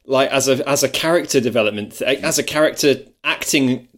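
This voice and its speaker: A man's voice: mid-range voice, brisk. Chatty man, podcast co-host. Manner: chatty, often laughing. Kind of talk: casual film discussion.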